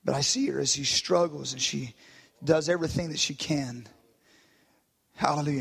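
A man preaching a sermon, dropping to quiet, low stretches and rising to shouted climaxes, with "hallelujah" and "glory to God" between lines. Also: vocal fry, husky. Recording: long reverb of a church hall.

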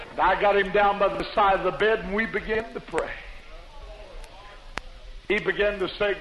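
A man preaching a testimony sermon, telling his story and building up to fervent shouting. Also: high voice, moderate pace, a little hiss or hum. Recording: lo-fi echoey old sermon tape.

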